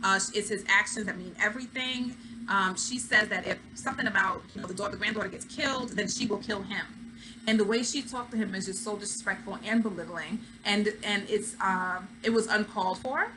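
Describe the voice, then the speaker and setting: A woman's voice: medium pitch, fairly quick, background noise. A woman hosting a reality TV recap, talking in a casual, opinionated way and acting out what people said. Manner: chatty, opinionated, acts out quotes. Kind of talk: casual commentary.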